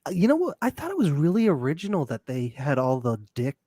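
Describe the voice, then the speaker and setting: A man's voice: on the high side, wildly swooping pitch, fast, warm tone, no echo, studio quality. A young man co-hosting a casual recap podcast, joking sarcastically and laughing often. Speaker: podcast co-host.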